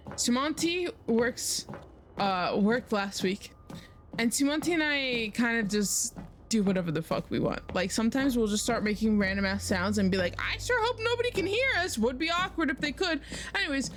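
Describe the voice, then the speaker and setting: A woman's voice: medium pitch, a little hiss or hum. A young woman streaming a game, chatting casually and telling a story full of swearing. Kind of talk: casual gameplay chat and storytelling.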